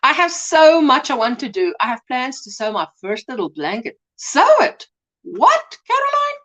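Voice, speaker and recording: A woman's voice: on the high side, very animated, moderate pace, fairly bright tone. A South African woman hosting a crochet livestream, chatting casually, greeting viewers by name and calling them sweetheart. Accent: South African English. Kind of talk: casual live chat reading comments.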